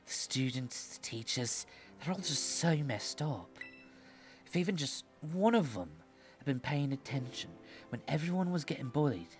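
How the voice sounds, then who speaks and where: A man's voice: on the high side, very animated, moderate pace, faint music behind. A man streaming a video game, chatting casually with sarcastic asides and frequent opinions from a desk microphone at home. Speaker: streamer, VTuber. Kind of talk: let's-play commentary.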